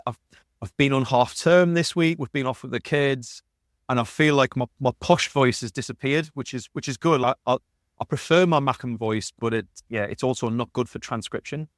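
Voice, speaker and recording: A man's voice: mid-range voice, no room sound, studio quality. A man hosting a podcast, chatting casually and rambling with restarts. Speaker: podcast host.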